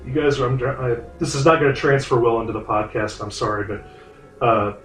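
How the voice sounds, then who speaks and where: A male game master narrating a tabletop game in a loose, casual way, swearing freely and rambling through his asides. His pitch is ordinary for a man, with faint music behind him. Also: level tone, a little fast, fairly bright tone.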